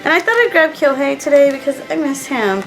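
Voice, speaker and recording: A woman's voice: sits high, expressive, brisk, a bit bright, faint music behind, poor audio. A young woman chatting casually to camera, sad and stressed, rambling with fillers and restarts. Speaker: vlogger.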